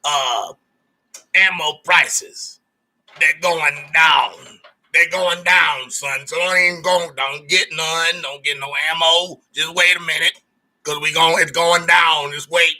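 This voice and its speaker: A man's voice: a little high, fairly even intonation, slow, pushed and bright, exaggerated voice. A man putting on a pushy streetwise uncle type. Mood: insistent. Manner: drawling, insistent street slang. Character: streetwise older male friend, pushy and hustling.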